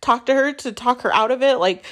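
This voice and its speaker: A young woman, a mother, telling her own painful story candidly, halting often with fillers and restarts. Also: on the high side, fairly bright tone. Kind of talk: emotional personal storytelling.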